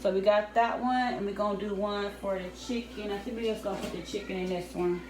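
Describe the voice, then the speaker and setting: A young woman talks easy and casual to her viewers as she cooks, calling them y'all and keeping her kid in line between steps. Her voice bounces around a hard, echoey kitchen. There is a clear steady noise behind her. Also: mid-range voice, fast. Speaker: vlogger cooking with her daughter. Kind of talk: casual home cooking vlog chat. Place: home kitchen.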